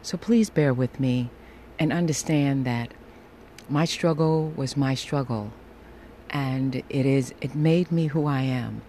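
Woman, fifties, podcast host; sultry, unhurried delivery with a deliberate, theatrical edge. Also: rumbling low, dark tone, a little hiss or hum. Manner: deliberate, with playful theatrical asides. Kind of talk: personal storytelling podcast.

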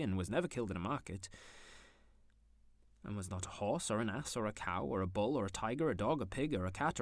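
A man reads a classic tale aloud with expressive, dramatic pacing. His voice sits a bit low and the recording is dry and close. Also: no room sound. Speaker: narrator. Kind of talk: storybook reading.

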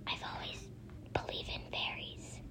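An awestruck young girl in a fairy storybook, read aloud by a woman. She speaks in a hushed, breathless way, with a high voice and a slow pace. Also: a little hiss or hum. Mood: awed.

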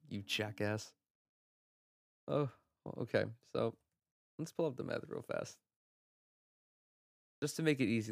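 A young man hosting a solo sports podcast from home, talking in an excitable, profane rant and laughing at his own jokes. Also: on the low side, creaky, dry recording, clean studio sound. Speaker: podcast host. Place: home room.

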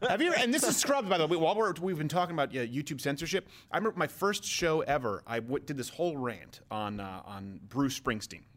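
Guy hosting a podcast, talks fast, jokey, voice jumps all over. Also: a little high. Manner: animated, quick, jokey, asks questions. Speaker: podcast host. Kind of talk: casual comedic chat.

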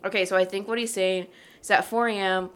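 Speaking briskly in a mid-range voice with fairly even intonation, this woman hosts a podcast and reads out a legend. Her casual, joking storytelling is peppered with swearing and laughter.

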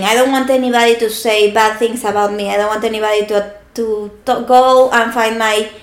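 A middle-aged woman with an Argentinian Spanish accent, talking fast and restarting her sentences in casual conversation. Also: fairly high pitch, roomy sound.

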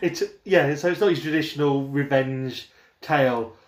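A man's voice: medium pitch, moderate pace. A man in a casual film review chat, upbeat and enthusiastic, laughing as he talks. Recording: roomy echo.

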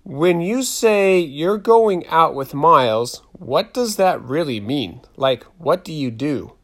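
A man's voice: fairly high pitch, lively intonation, takes it slowly, fairly bright tone, voice pushed up, exaggerated voice. A man doing a curious middle-school girl. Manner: curious, probing.

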